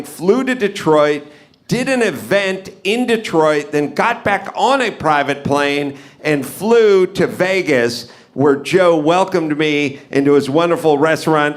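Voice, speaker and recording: Man, podcast host, live show, slow delivery, raised pitch, rambling, self-mocking. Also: lively intonation. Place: live stage before an audience.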